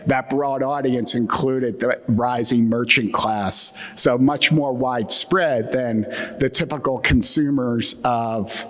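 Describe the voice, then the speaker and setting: Speaking slowly at medium pitch, this keynote speaker has a sharp tone and fairly even intonation. He's a man from the US Mid-Atlantic region with the matching accent, cracking wry jokes with lots of fillers before a conference audience, and the hall echoes noticeably.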